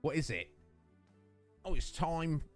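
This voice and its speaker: A man's voice: a little high, lively intonation, takes it slowly, soft background music. A man streaming a game live, chatting affectionately with his viewers and rambling through thoughts with many restarts. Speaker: Twitch streamer.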